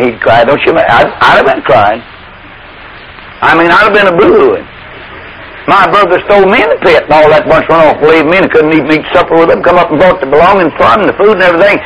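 A man's voice: on the high side, a bit bright, lo-fi sound, a little hiss or hum. A man preaching a storytelling sermon in a folksy way, often asking the listeners rhetorical questions.

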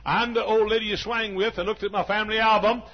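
A preacher voicing a gruff, sick old woman who speaks bluntly and insistently, loud and forceful. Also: high voice, animated, a little fast, pitched above the performer's own voice. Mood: insistent, urgent. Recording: dull lo-fi recording with faint hum.

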